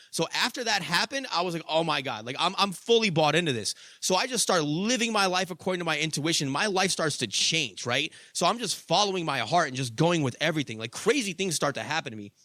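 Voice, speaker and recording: A young man telling a personal story in casual, profane monologue, swinging from loud excitement to low, quiet asides. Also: quick pace, few pauses, no echo. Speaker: podcast host.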